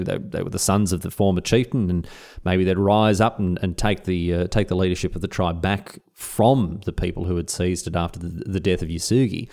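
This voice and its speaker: A man's voice: low voice, darkish tone. Chatty Australian man telling history. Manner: chatty and irreverent, with slang asides. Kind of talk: casual history storytelling.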